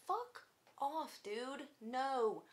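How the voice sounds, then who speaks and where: A woman's voice: high-pitched, lively intonation, very slow. A woman in her twenties telling a story in a casual vlog, blunt and sarcastic, swearing freely. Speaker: vlogger.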